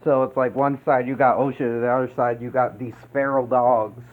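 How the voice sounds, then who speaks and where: A man's voice: mid-range voice, level tone, a little fast. A man casually reviewing a movie, meandering with many fillers and restarts and swearing freely. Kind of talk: casual rambling film review. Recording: tinny phone-like sound with faint noise.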